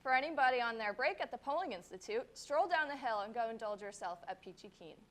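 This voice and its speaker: Young woman, reporter, scripted segment, upbeat, chatty, higher pitch. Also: expressive, fast talker, fairly bright tone.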